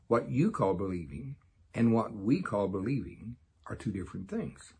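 Husky low-voiced man, folksy Bible teacher, excitable and chuckling. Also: normal speed.

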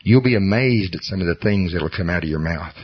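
A man's voice: sits low, a little fast, breathy edge. A middle-aged man preaching a sermon, telling personal stories earnestly with self-deprecating humor. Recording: dull lo-fi recording.

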